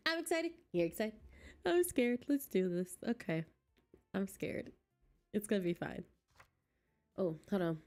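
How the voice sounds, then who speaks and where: A woman's voice: mid-range voice, big pitch swings, measured pace, pauses often, darkish tone, faint music behind. A woman streaming a game from home, chatting casually with her viewers and laughing often, close to a desk mic. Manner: chatty, giggly, talks to chat.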